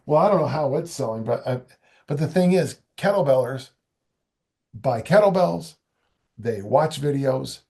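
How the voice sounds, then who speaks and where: Older male coach, conversational and rambling, mid-pitched. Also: expressive, a little slow, gravelly, pauses often, dark tone. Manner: rambling, frequent restarts and asides. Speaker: strength coach and author. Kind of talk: casual interview talk.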